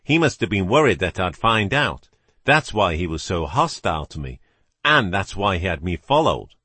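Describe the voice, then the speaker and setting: A male narrator voices a blunt, earnest investigator in a plain, everyday way. The voice stays low and lively, with a husky grain and a dry sound. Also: moderate pace, no echo, exaggerated voice.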